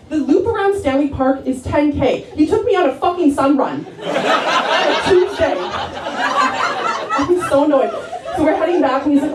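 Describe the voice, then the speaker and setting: Woman in her thirties, stand-up comic, chatty and filler-heavy, slightly high voice, roomy distant mic, loud crowd laughter behind. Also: moderate pace, noisy background. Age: 30s. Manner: chatty, filler-heavy storytelling with deadpan punchlines. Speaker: stand-up comedian. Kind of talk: stand-up comedy set. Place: comedy club stage. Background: audience laughing.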